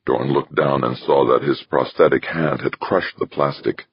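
Male audiobook narrator, very deep husky voice, steady measured reading, dry muffled sound. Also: no echo. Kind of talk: scripted narration.

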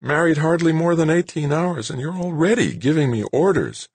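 A man's voice: fairly high pitch, animated, normal speed, darkish tone, husky, no echo, pitched above the performer's own voice. A man reading an audiobook, voicing a playful, determined young wife in a raised, teasing voice. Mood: dreamy, teasing. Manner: teasing, firm.

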